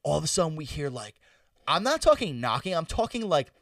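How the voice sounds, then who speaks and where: Young male podcast co-host: lively, profane storyteller, recorded dry and a little off-mic. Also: on the high side, a little fast, dry recording, distant mic. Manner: animated storytelling, swearing freely. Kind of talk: casual chat. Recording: dry sound, a bit off-mic.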